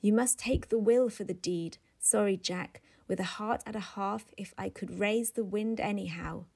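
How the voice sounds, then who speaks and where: A woman reading the part of a blunt, brusque male newspaper editor, gruff and dismissive. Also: mid-range voice, moderate pace, a little mellow.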